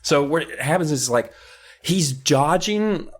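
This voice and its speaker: A man's voice: on the high side, expressive, slow pace. A man co-hosting a podcast, retelling a book's plot in loose, profane, rambling commentary. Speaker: podcast co-host. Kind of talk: casual book recap chat.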